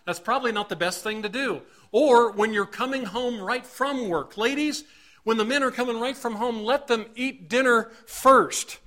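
A man's voice: extremely high pitch, moderate pace, bright, forceful tone. A middle-aged male pastor preaching a sermon in an earnest manner, acting out short examples and building emphasis as he goes.

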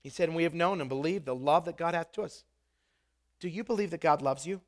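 Pastor, man, high voice, fiery sermon easing into quiet confiding. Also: quick pace. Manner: impassioned preaching that drops to soft and intimate.

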